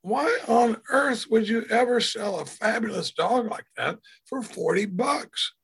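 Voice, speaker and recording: Man voicing an amazed passerby, gravelly and raspy, joke delivery. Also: high-pitched, unhurried, a bit bright, pitched above the performer's own voice, heavily acted. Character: curious male passerby, amazed.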